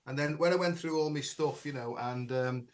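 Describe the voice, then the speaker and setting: A man's voice: a little high, moderate pace. A middle-aged man, hosting a talk show and telling a long story in a rambling way, full of fillers. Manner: rambling, chatty, many fillers like "you know" and "right". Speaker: podcast host, spiritual healer. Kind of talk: casual conversation, storytelling.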